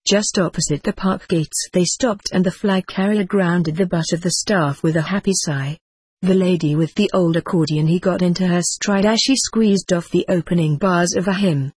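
Narrator, husky, measured, wry, dry recording. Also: medium pitch, darkish tone, dry recording. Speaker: audiobook narrator. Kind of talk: scripted narration.

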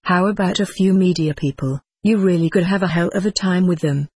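A boastful horned devil in a storybook reading, wheedling and pushing his offers like a salesman, as the reader puts him on. The voice is husky and sits at a middle pitch. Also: brisk, a little mellow, no echo. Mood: gleeful. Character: boastful tempting devil with horns and tail.

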